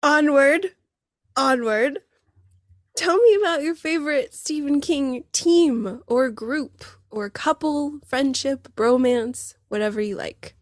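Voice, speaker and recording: A woman's voice: high-pitched, slow pace, dry recording, clean studio sound. A woman hosting a podcast, reacting in an emotive, easily moved way in casual chat. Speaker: podcast host.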